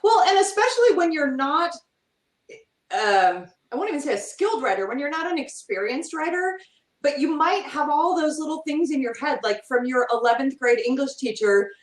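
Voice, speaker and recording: Lively middle-aged woman, roomy and distant. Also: high voice, moderate pace. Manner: animated, acts out quotes in other voices. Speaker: guest author. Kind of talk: podcast interview. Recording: roomy, from off mic.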